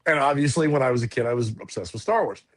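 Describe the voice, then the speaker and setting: A man's voice: mid-range voice, animated, rapid-fire. A man in his forties on a podcast, telling a story in a casual, rambling way with lots of restarts and fillers. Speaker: podcast co-host.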